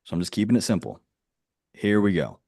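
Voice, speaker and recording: A man with a fairly low voice coaches a group in a direct, flat, dry-humored way. He rambles, restarts his sentences and checks in with "right?". The sound is close and dry, with no room around it. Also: fairly quick, slightly rough, no echo. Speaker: business coach. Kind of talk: casual teaching on a group call.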